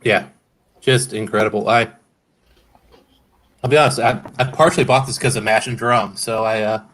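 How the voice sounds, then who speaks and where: A man's voice: on the low side, steady tone, normal speed, fairly bright tone. A man hosting a casual whiskey-tasting livestream, rambling and hedging with frequent self-corrections. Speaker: host of a whiskey review stream.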